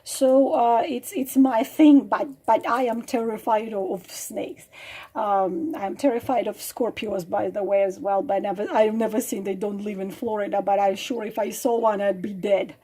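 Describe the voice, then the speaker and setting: A woman hosting a relationship advice video, talking earnestly to her viewers in a halting way with many fillers and restarts. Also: mid-range voice, fairly even intonation, warm tone, slightly rough. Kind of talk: casual advice monologue to camera.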